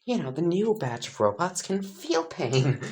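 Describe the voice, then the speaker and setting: A woman voicing a small, sly, sadistic male animal who runs a school, with gleeful deadpan jokes. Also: sits low, a little slow, pitched above the performer's own voice.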